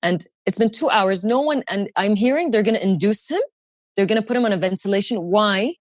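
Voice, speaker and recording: A woman's voice: fairly quick, no room sound, clean studio sound. A young woman, a podcast guest telling a personal story with animation, and she acts out the other people's lines. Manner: animated, acts out quoted voices in higher pitch.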